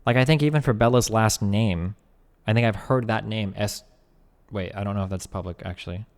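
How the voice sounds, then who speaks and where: A young man gives casual live-stream commentary, reading text aloud quickly and stopping to chat, joke and swear. His voice is fairly low, and a long reverb tail trails behind it.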